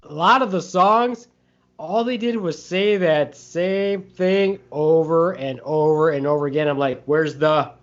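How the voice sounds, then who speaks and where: A man's voice: a little high, a little slow. A man co-hosting a casual podcast chat, talking in a joking, rambling way with many fillers. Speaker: podcast co-host. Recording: dull lo-fi sound.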